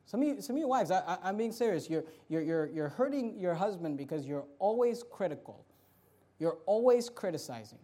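A man preaching a sermon, acting out quotes with sudden loud bursts and joking asides to the congregation. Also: fairly high pitch, animated, moderate pace. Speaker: pastor.

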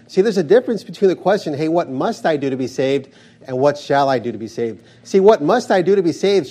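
A man's voice: on the high side, dark tone. A man preaching a sermon, reading Bible verses aloud and breaking in with repeated "notice" to stress each phrase. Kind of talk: expository sermon reading scripture.

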